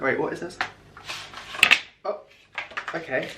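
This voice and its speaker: Excitable young man unboxing. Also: medium pitch, moderate pace, slight background noise. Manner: excitable, gasping, dropping to whispers. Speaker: vlogger. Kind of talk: casual unboxing vlog.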